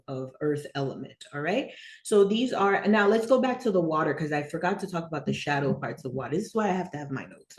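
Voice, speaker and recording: A spiritual teacher with a low-pitched voice gives an informal online lesson, rambling and checking in with "right?" and "okay?". She laughs easily and gets animated telling stories. The room sounds echoey.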